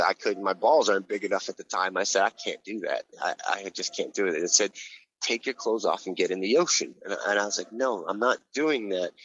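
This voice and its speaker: A man's voice: on the low side, no room sound. Profane, rambling man telling a story. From Hawaii. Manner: profane, rambling, animated when reenacting. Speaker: guest telling his story. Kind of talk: casual storytelling. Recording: slightly dull, lo-fi sound.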